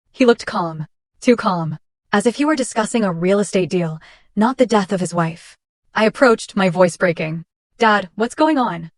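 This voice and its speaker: A woman reading a first-person story as scripted narration, in a steady, measured way. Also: mid-range voice, dry recording, clean studio sound.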